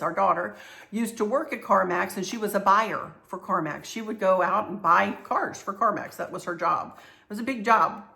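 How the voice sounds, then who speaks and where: A woman's voice: mid-range voice, gravelly, bright, forceful tone. A middle-aged woman hosting her own vlog, talking casually in a chatty, rambling way with many restarts. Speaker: channel host.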